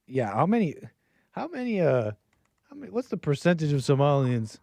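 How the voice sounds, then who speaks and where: A man's voice: a little high, very animated, normal speed, vocal fry, a little mellow, no echo. A man hosting a call-in stream in casual commentary, rambling and joking, often laughing mid-sentence. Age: adult with a child. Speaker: call-in show host.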